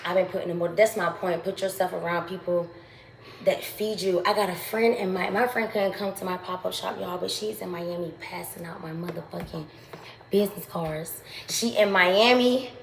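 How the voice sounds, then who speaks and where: A woman's voice: lowish voice, fairly even intonation, normal speed, vocal fry, a little hiss or hum. A woman vlogger giving a casual, profane motivational rant, hammering her points with repeated phrases. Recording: echoey room with faint ambience.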